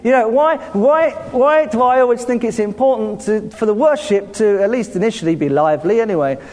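In a church hall with a long, echoing reverb, a pastor speaking with a southern English accent delivers a sermon in a high voice at a slightly quick pace. His manner is lively: he laughs frequently and calls on the congregation to respond.

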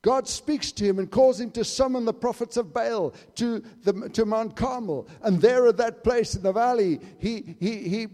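High-voiced preacher in an echoing hall. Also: male voice, normal speed, few pauses. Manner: emphatic, swinging from loud to hushed. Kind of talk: sermon. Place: church hall. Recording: reverberant hall.

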